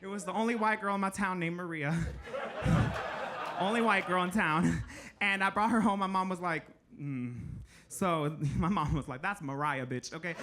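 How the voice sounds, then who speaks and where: A man in his thirties performing stand-up as a drag queen, brassy and loud, bursting into shouts. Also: high-pitched, normal speed, background noise. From Latino family in the United States. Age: 30s. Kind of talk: stand-up comedy. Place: comedy club stage. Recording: live club with audible crowd.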